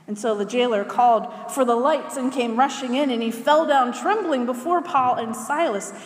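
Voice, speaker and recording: A woman preacher reading scripture aloud and then preaching in a measured way, asking her listeners questions. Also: on the high side. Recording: echoey hall with long reverb.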